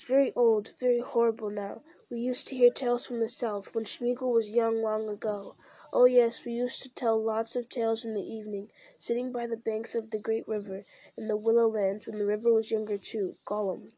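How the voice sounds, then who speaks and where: A woman voicing a wretched, groveling male creature in an audiobook reading, in a hushed, wheedling way. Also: on the high side, level tone, normal speed, no echo, natural voice. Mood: wistful.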